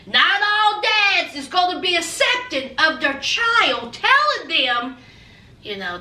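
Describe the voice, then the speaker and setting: A woman with a very high, sharply bright voice reviews a reality show, dishing sassy, teasing gossip in a playful, free-flowing way like a regular host. The sound is echoey, and she's some distance from the mic.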